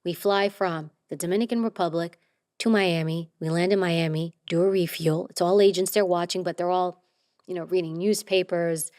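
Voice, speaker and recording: Woman telling an animated story, dry mic. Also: lowish voice, moderate pace, no room sound. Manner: animated, acts out quoted dialogue. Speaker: interview guest. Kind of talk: casual storytelling.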